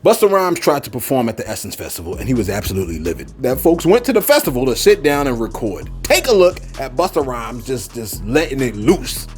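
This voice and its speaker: A man's voice: mid-range voice, very animated, fairly quick, few pauses, a little mellow, faint music behind. A man hosting a casual commentary channel, talking in a loose, slangy, joking way.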